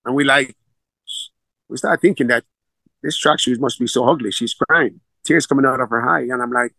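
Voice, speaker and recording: A man's voice: mid-range voice, brisk, gravelly, dry recording, rough recording. A middle-aged man from Jamaica with a Jamaican accent, a football coach telling stories in a casual interview and acting out the voices of the people he quotes. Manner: animated storyteller, acts out quoted dialogue.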